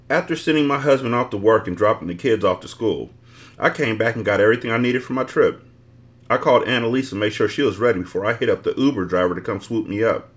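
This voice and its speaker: A man hosting a book podcast, reading a novel aloud with blunt, profane asides. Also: lowish voice. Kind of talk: casual book reading with commentary.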